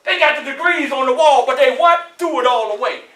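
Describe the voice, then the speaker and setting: A man with a Southern US accent giving a motivational speech to students in a college hall, preachy and animated, often asking the crowd questions. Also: extremely high pitch, fairly quick. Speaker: motivational speaker. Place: large echoey college hall. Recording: echoey hall, voice from far off.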